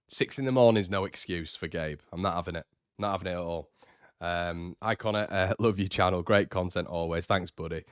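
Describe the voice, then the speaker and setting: A man's voice: sits low, normal speed, clean tone, dry recording, clean studio sound. A young man hosting a casual live stream, chatty and teasing as he reads out viewer comments. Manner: chatty and teasing, with frequent fillers and restarts. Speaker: host of a fan channel livestream.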